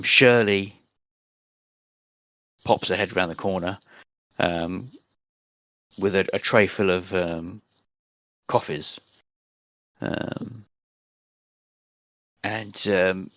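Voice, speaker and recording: Hesitant, low-voiced male game master. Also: a bit bright, dry recording, muffled recording. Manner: hesitant, lots of fillers. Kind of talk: narrating a tabletop game. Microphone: headset or desk mic over voice chat.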